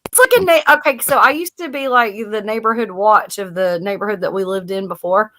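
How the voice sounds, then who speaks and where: Woman from the South, animated casual chat, swears freely, live stream co-host. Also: mid-range voice, brisk. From American South.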